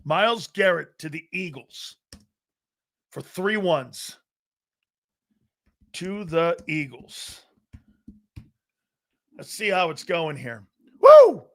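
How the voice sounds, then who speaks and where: Excitable man hosting a loud sports show. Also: high-pitched, takes it slowly, pauses often. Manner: loud, excitable, laughs often, argues with chat. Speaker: sports talk show host. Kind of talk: live sports talk show reading chat.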